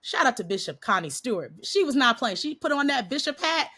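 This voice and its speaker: Bright-voiced woman telling a story. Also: high-pitched, brisk. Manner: animated, laughing often, acts out quotes. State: slightly nasal from a cold. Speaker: podcast guest, Christian coach. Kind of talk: casual storytelling interview.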